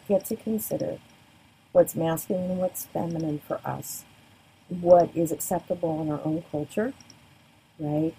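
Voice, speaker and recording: A woman's voice: mellow, husky, rough recording. A woman giving a sociology lecture in a conversational way, often checking in with "right?" and acting out quoted voices. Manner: conversational, keeps asking "right?"; acts out quoted voices with big pitch jumps. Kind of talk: recorded lecture. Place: the Bay Area.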